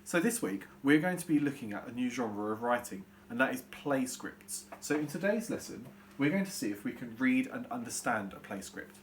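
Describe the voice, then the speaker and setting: A young British man teaching a recorded online lesson to young children, explaining step by step in a clear, patient way. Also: medium pitch, animated, moderate pace, few pauses, slight background noise. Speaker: primary school teacher.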